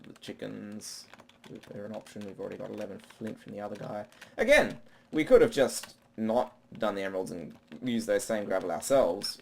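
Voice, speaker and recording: A man's voice: fairly low pitch, gravelly, a little mellow, slight background noise. A man doing rambling, self-talking let's play commentary while he plays. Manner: rambling, talks to himself. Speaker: gaming channel host.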